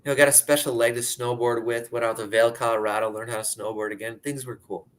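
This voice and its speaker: A man's voice: mid-range voice, level tone, fast, fairly bright tone. A man in his thirties from Pennsylvania, telling his personal story in a candid, conversational way, often saying "like". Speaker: speaker sharing his story.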